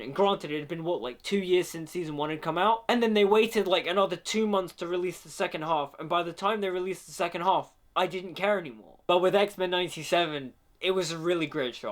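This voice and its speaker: A young man talking casually and opinionatedly in his review vlog. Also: fairly high pitch. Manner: chatty, opinionated, animated. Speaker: video reviewer.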